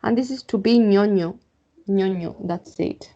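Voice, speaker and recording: A woman from Spain with a Spanish accent, teaching English vocabulary online, repeating words slowly and checking in with "okay?". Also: medium pitch, mellow, dull audio. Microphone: computer mic.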